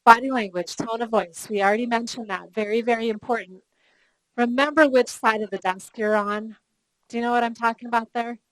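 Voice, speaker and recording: A woman's voice: fairly high pitch, a little fast, no echo, low-quality recording. A middle-aged woman running a live customer service training workshop, telling stories and asking the room questions. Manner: lively storytelling, asks the room questions.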